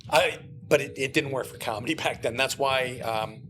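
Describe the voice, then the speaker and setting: Animated man with a bright voice. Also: medium pitch, moderate pace, slight background noise. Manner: animated storyteller who acts out quoted lines. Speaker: guest, comic book writer. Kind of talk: casual podcast chat.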